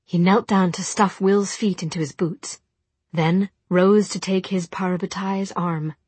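A woman narrating an audiobook in a soft, measured storytelling manner. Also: lowish voice, fairly even intonation, breathy edge, dry recording. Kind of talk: audiobook reading.

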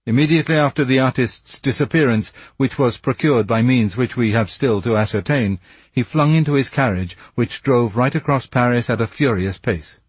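Smug police commissary with a husky voice and brisk, pointed questions, read by a man. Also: medium pitch, no echo, close to an everyday voice. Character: smug self-satisfied male police commissary.

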